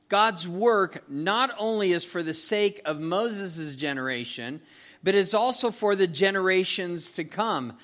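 A man preaching a casual, animated sermon, reading scripture and retelling the story with frequent restarts. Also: high voice, unhurried. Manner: conversational, animated, with repeated restarts. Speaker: pastor. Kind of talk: expository Bible sermon.

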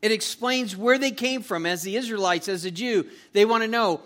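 A man preaching a casual, animated sermon, reading scripture and retelling the story with frequent restarts. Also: high voice, brisk. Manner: conversational, animated, with repeated restarts. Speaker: pastor. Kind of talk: expository Bible sermon.

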